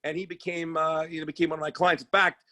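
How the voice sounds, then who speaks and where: A man who works as a sports agent and comedian, telling stories in casual chat, animated and profane, with many restarts. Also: fairly high pitch, fast, no room sound.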